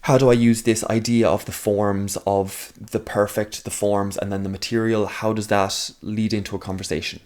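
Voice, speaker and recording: A man with a fairly low voice talks straight to camera in a loose, unscripted monologue. He wanders off on tangents, fills pauses with "um" and "like", and now and then argues back at himself before returning to his point. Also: flat delivery, a little mellow. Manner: rambling, thinks aloud with many fillers and asides; argues with himself in a mock second voice. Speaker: video essayist. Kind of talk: casual talking-head monologue.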